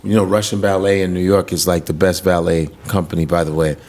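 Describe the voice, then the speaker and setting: A standup comedian, chatting casually on a podcast, animated and profane, acting out hecklers. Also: male voice, low-pitched, brisk, a little hiss or hum. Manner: animated, profane, acts out hecklers in funny voices.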